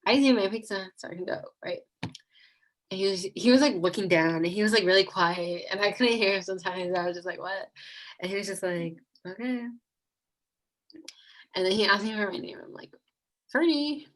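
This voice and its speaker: A woman's voice: medium pitch, fast, low-quality recording. Rambling young woman telling a storytime. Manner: rambling, fillers like "like" a lot, giggly. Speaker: vlogger. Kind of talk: casual storytime.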